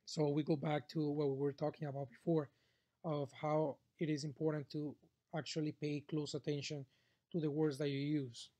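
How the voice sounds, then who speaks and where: A man's voice: fairly high pitch, level tone, normal speed, mellow. Man lecturing a class with many "okay?"s. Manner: frequent fillers and "okay?" check-ins; talks straight to a class. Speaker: customer service trainer.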